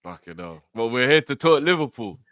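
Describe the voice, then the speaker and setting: A man's voice: medium pitch, very animated, fairly quick, a bit bright, clean tone, no echo. A man co-hosting a casual fan chat show, laughing and bantering. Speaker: co-host.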